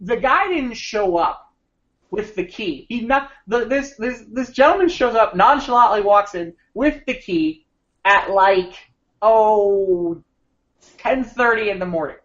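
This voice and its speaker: A man co-hosting a podcast, telling an animated, rambling anecdote with frequent restarts. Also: high voice, measured pace. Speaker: podcast co-host. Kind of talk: casual storytelling chat. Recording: slightly muffled podcast audio.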